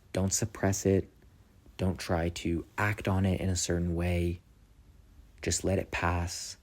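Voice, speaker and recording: A man hosting a self-help podcast, talking slowly through calm, repetitive guidance on letting go of negative thoughts. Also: sits low. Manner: slow, repetitive guiding instructions. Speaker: podcast host.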